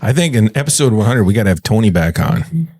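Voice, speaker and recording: A man's voice: lowish voice, sing-song, quick pace, darkish tone. A man co-hosting a podcast in casual chat, eager and joking. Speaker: podcast co-host.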